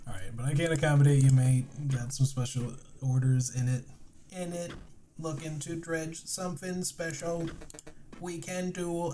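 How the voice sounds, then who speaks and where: A man voicing a gruff, scheming male robot card dealer, drawn-out and slower than his own talk, game music behind. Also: a little high, mellow, slight background noise, pitched above the performer's own voice, close to an everyday voice.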